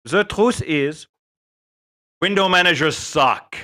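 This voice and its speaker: A man's voice: on the high side, slow, pushed and bright. A man putting on a thick, broken-English movie accent as a joke figure, blunt and boastful. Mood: mock-defiant.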